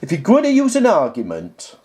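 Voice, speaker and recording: A man's voice: high-pitched, wildly swooping pitch, brisk, mellow. A man talking to camera as a YouTuber, reading viewer comments aloud and rebutting them point by point in a sarcastic, exasperated way. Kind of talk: casual talk to camera.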